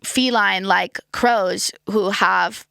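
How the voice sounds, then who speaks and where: A woman's voice: mid-range voice, steady tone, slow pace, gravelly, bright, forceful tone, clear, resonant tone, no echo, studio quality. An American woman hosting a casual solo podcast, hungover and rambling, with lots of "like" and "um". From United States. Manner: rambling and chatty, full of "like" and "um". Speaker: podcast host.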